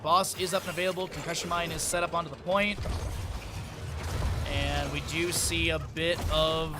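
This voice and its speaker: A man's voice: fairly high pitch, flat delivery, noisy background. A man casting a live esports match, calling the plays and chatting with viewers in chat. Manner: rapid play-by-play calls with chatty asides to chat. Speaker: esports caster. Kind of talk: live esports play-by-play commentary.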